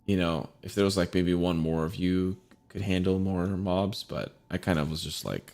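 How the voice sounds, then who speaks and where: A man chatting casually as the game master after a tabletop session, relaxed, laughing and swearing freely. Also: sits low, moderate pace. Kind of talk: casual post-game chat.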